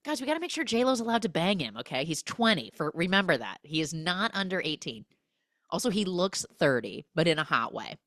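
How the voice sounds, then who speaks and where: Animated low-voiced woman recapping a film. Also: brisk, no echo, studio quality. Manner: animated storytelling, acting out characters' lines in exaggerated voices. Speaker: podcast host recapping films.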